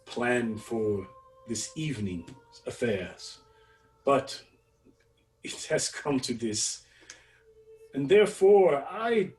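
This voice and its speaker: A man voicing a menacing, aristocratic male vampire lord who speaks in slow, grand, threatening declarations. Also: medium pitch, darkish tone, far from the mic, rough recording. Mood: regal menace.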